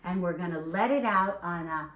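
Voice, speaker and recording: A woman teaching a beginner singing lesson, explaining and demonstrating warm-ups, checking in with a frequent "okay?". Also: on the low side, normal speed. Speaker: vocal coach. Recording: echoey room.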